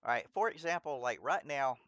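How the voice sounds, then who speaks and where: Male game streamer, mid-pitched, laid-back and rambling, talks straight to his chat. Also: expressive, a little fast, a bit bright, dry recording, muffled recording. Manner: rambling, stumbles over names and laughs at himself. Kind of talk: casual live-stream gameplay chat.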